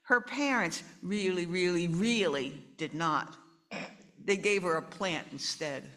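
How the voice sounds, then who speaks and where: A woman reading a picture book aloud to children, animated and chatty. She breaks off between pages to talk with the kids and explain the story. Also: on the low side, slow.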